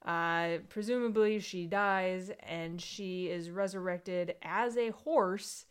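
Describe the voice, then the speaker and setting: A woman's voice: lowish voice, slow pace, smooth. A woman co-hosting a podcast, casually retelling a story with plenty of "like" and "um". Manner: rambling summary full of fillers like "like" and "um". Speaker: podcast co-host.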